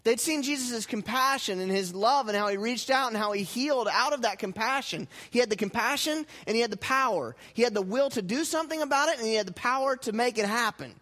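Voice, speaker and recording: A man preaching a sermon to his church, moving between loud emphatic passages and quiet, intense ones, and leading the congregation in call-and-response. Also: very high-pitched, lively intonation, a little fast, hardly any pauses. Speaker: pastor.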